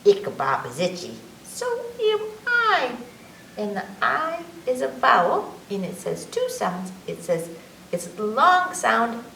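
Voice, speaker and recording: A woman reading an alphabet book aloud at children's story time, teacherly and lively, drawing out each letter sound. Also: fairly high pitch, slow, vocal fry. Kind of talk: slow, sing-song children's story time. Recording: echoey room, mic at a distance, faint background hum.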